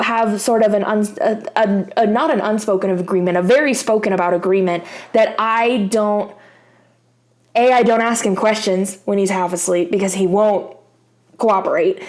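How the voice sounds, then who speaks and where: A woman's voice: medium pitch, darkish tone. A young woman vlogging in a casual, rambling chat with many fillers.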